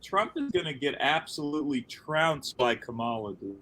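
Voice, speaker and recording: A man's voice: on the high side, animated, normal speed, sharp tone. A man co-hosting a comedy podcast, chatting in a wry, teasing, offhand way. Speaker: podcast co-host. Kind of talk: casual comedy chat.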